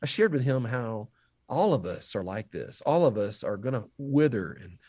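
Animated storytelling man, mid-pitched. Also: normal speed. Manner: animated storyteller, rising pitch when quoting others. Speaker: guest, history teacher. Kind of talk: storytelling in a faith podcast interview.

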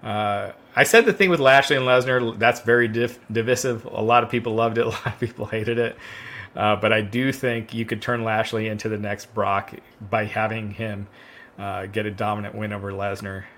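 A man's voice: lowish voice, fairly even intonation, normal speed, fairly bright tone. A man co-hosting a casual wrestling chat, rambling with many "uh"s and restarts while sipping wine. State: drinking wine, relaxed. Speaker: podcast co-host.

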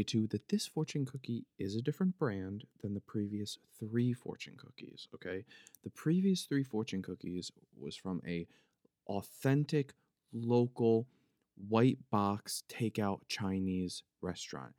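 A man's voice: on the low side, lively intonation, unhurried, darkish tone, no echo, studio quality. A man with a Philadelphia accent hosting a casual solo podcast, rambling and joking as he mushes his consonants together. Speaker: podcast host. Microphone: podcast microphone.

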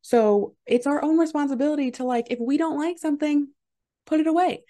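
A high-pitched woman with a dark tone speaks fairly quickly while hosting her podcast. She's a mindset mentor offering a casual motivational talk that's chatty and heavy on "like" and "right?" fillers, with an upbeat, encouraging manner and easy laughter.

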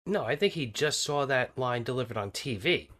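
A man's voice: medium pitch, expressive, moderate pace, a bit bright. A man co-hosting a podcast, chiming in with jokes during a casual movie chat. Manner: joking interjections. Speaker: podcast co-host.

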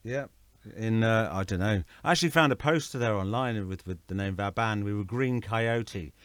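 A middle-aged Englishman guests in a casual conversation, rambling through stories and correcting himself along the way. His voice is on the low side with a fairly bright tone and moderate pace, recorded without echo.

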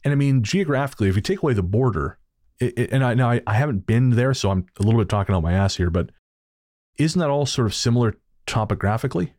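A man's voice: medium pitch, lively intonation, quick pace, a little mellow, no room sound, studio quality. A man co-hosting a podcast in casual chat, wry and joking, swearing casually. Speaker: podcast co-host.

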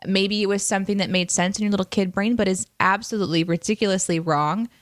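A woman's voice: mid-range voice, steady tone, fast, dry recording. Laughing woman podcast co-host, dry sound. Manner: laughs easily, reads out chat comments. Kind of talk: casual livestream chat.

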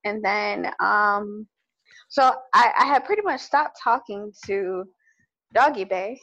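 A woman's voice: medium pitch, expressive, slow, pushed and bright, lo-fi sound. A woman co-hosting a podcast, telling a dating story in casual chat and quoting the other people as she goes. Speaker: podcast co-host.

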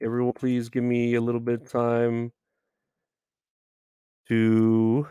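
A man's voice: mid-range voice, monotone, takes it slowly, dark tone, smooth, no room sound, dull audio. A man hosting a live stream, greeting viewers by name in loose, profane chat with frequent laughs.

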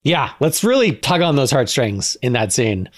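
A man co-hosts a podcast, chatting casually and playfully while tossing out ideas and jokes. His mid-range voice is very animated and his speed is normal.

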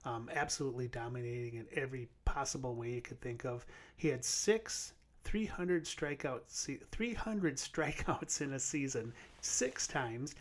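A man's voice: medium pitch, normal speed, few pauses. Emphatic man in sports podcast chat. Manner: emphatic, hesitant restarts. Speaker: podcast co-host.

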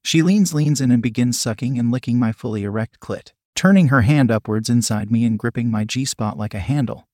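Man reading a story out loud, steady and even, mid pitch, dry close sound. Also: brisk, few pauses, no room sound. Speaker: audiobook narrator. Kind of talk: first-person erotic story narration.

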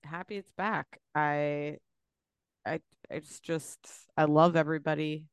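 A woman's voice: low-pitched, fairly even intonation, slow pace, clear, resonant tone, dry recording, studio quality. A woman co-hosting a podcast in casual talk, laid-back and agreeable, often trailing off mid-thought. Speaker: podcast co-host. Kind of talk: casual chat.

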